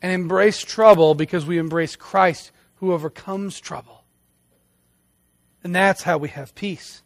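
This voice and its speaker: Guy preaching, kinda high voice, earnest and emphatic, dry sound. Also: unhurried, no echo. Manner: earnest, emphatic preaching with repeated phrases and restarts. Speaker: pastor. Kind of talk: sermon.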